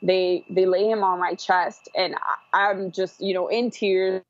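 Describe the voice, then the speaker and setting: A woman's voice: medium pitch, flat delivery, a little slow, dry recording. Woman, podcast guest, casual rambling storyteller, dry and dull-sounding recording. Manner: rambling, with frequent fillers and restarts. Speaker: guest telling her birth story.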